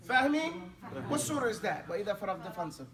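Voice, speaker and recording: A man's voice: high-pitched, very animated, racing, recorded from a distance, a crowd in the background. A man teaching an Arabic class in a casual, chatty way. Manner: casual, mixes English and Arabic drills.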